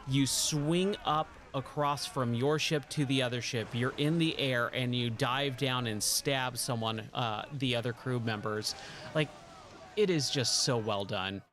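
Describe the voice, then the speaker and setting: An enthusiastic man streaming a game late at night, rambling casually between the action. His voice sits at an average pitch, and his commentary is peppered with laughs and excited praise. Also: unhurried. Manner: enthusiastic, chatty, laughs often.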